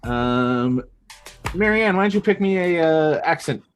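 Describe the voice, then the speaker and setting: A man's voice: a little high, expressive, unhurried, clean tone. A man hosting an improv comedy show, chatting casually with lots of ums and self-mocking jokes as he explains the games.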